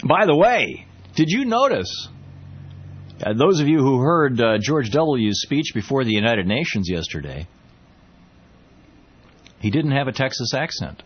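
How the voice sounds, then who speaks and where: A man's voice: mid-range voice, big pitch swings, measured pace, long pauses, breathy edge, dull audio. A man hosting a radio talk show, chatting casually and wryly with lots of fillers and asides. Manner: chatty, wry, rambling with many fillers.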